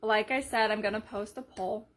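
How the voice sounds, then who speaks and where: A woman leading a sales team in a casual live video, chatty and energetic, retelling conversations as she goes. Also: mid-range voice, normal speed. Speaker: team leader.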